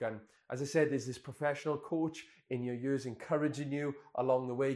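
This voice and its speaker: A man's voice: medium pitch, darkish tone. A man in his twenties, a pastor telling a candid, self-deprecating personal story in a sermon. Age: 20s.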